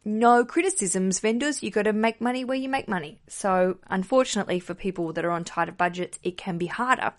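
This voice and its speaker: A young woman talks through her podcast in a chatty, upbeat way. She answers listener questions with friendly advice and drops in quick asides as she goes. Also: mid-range voice. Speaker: podcast host.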